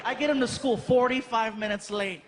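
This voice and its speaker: A man's voice: very high voice, moderate pace. A middle-aged man doing a stand-up routine, telling stories animatedly and acting out voices. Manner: animated storytelling, acts out voices. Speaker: stand-up comedian. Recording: live stage mic with audience noise.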